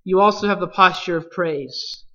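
A Bible teacher leading a study, speaking deliberately and putting questions to the class. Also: medium pitch, pushed and bright, highs cut off.

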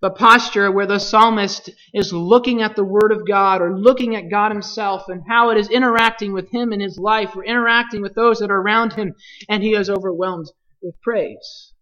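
A Bible teacher leading a study, speaking deliberately and putting questions to the class. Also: medium pitch, fairly even intonation, pushed and bright, muffled recording.

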